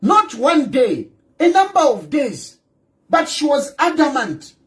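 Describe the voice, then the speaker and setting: Zambian male commentator, very animated delivery, repetitive and emphatic, heavy on rhetorical questions. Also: extremely high pitch, slow. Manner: emphatic, repeats phrases, fires rhetorical questions; mixes in local-language phrases. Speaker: political commentator. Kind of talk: ranting monologue.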